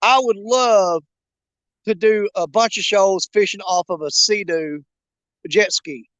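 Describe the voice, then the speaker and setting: A man's voice: high-pitched, slow pace, a bit bright, dry recording. A man hosting a fishing livestream from a riverbank outdoors, chatting casually in a folksy, joking, rambling way. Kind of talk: casual live chat while bank fishing.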